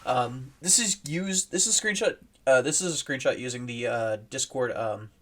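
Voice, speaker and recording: A man talking through a casual commentary video at a middling pitch. He rambles, circles back and restarts his sentences, with plenty of fillers. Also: normal speed, a bit bright. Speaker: host.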